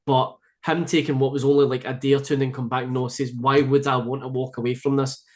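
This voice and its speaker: A man's voice: medium pitch, level tone, fast. A man from Scotland with a Glasgow-area accent, chatting easily as a podcast guest with many fillers and restarts. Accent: Scottish, Glasgow area. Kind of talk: casual chat.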